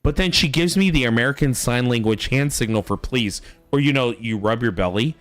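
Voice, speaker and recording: A man's voice: medium pitch, brisk, dry recording, soft background music. A man streaming a game, telling stories about his toddler in a casual, swearing chat. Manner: animated storytelling, swearing. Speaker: father.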